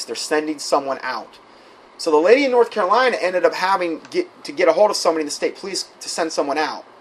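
A man's voice: on the high side, a little hiss or hum, rough recording. A man preaching, reading out a string of quoted messages and adding his own asides and fillers. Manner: reads quoted texts aloud with asides, many fillers. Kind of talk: sermon-style recounting.

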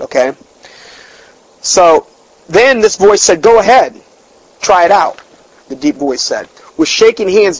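A man's voice: a little high, dry recording, poor audio. A man preaching a sermon in a chatty storytelling way, emphatic, his voice jumping up when he is stirred. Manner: conversational asides, fillers and restarts.

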